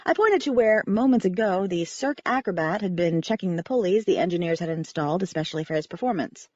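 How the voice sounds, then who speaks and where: A woman reading a first-person audiobook in a wry, expressive narration. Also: on the low side, fast talker, hardly any pauses, no echo, lo-fi sound.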